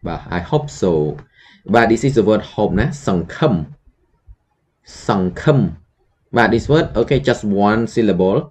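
Deep-voiced Cambodian man teaching slowly. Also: animated, darkish tone, a little hiss or hum. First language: Khmer. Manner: slow, repeats words for learners. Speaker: Khmer language teacher. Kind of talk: online language lesson.

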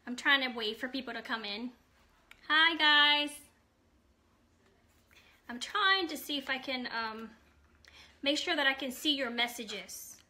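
A woman's voice: high voice, moderate pace, pushed and bright. A woman hosting a casual live stream, greeting viewers and chatting with lots of ums.

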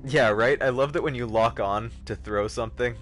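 With soft background music, a young man of medium pitch and moderate pace hosts a livestream. His commentary on the game is loose and joking, he keeps addressing his chat with plenty of energy, and sudden scares make him yelp.

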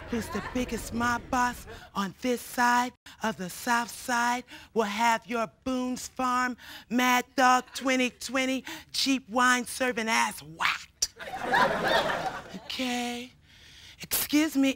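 An actress playing a snobby, rude mob boss's girlfriend who insults the waitress in a haughty, drawn-out way, in a live comedy sketch. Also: fairly high pitch. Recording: live stage with loud noise.

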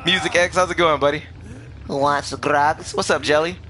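A man hosting a gaming channel delivers hyped-up live commentary, taunting the other players and laughing frequently. His voice is a little high, and the recording carries a slight hiss or hum.

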